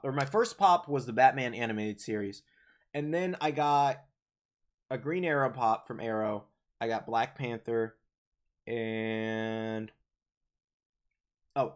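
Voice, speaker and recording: Young male streamer, mid-pitched, loose and talkative, voice tiring a bit. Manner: rambling, chatty, many fillers and restarts. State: voice getting worn from talking. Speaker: livestream host. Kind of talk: casual live chat reading viewer comments.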